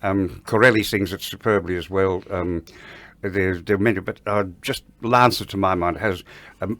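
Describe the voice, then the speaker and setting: An older man with an Australian accent, a ballet veteran telling anecdotes in an interview, lively and laughing with frequent restarts. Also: deep voice, normal speed, no echo. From Sydney, Australia. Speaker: interview guest, retired ballet dancer. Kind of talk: anecdotal storytelling.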